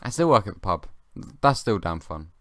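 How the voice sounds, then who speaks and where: A young man hosting his own comedy podcast, rambling in a halting, dry way with many restarts. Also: sits low, sing-song, fairly bright tone, no echo. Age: young adult. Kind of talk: rambling comic monologue.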